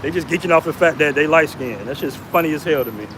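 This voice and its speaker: An American man talking casually and loosely in a vlog, slangy and animated when he retells what people said. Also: fairly high pitch, fast. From United States. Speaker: vlogger. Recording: noisy outdoor street recording.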